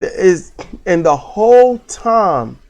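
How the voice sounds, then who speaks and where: A man's voice: high voice, very animated, extremely slow, a little mellow. A man giving a casual, rambling movie review, full of restarts and fillers and the odd swear word.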